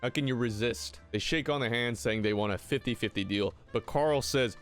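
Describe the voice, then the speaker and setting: A young man giving a comedic recap of an old TV episode, sarcastic and rambling, with sudden high-pitched outbursts. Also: normal speed, hardly any pauses, fairly bright tone, soft background music. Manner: sarcastic, rambling, jumps up in pitch when ranting. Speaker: video commentator.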